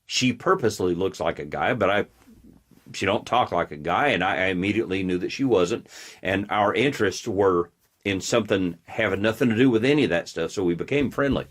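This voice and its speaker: Blunt, low-voiced male commentator. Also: lively intonation, a little fast, a bit bright. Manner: blunt, combative, provocative. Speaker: host. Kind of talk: political commentary monologue.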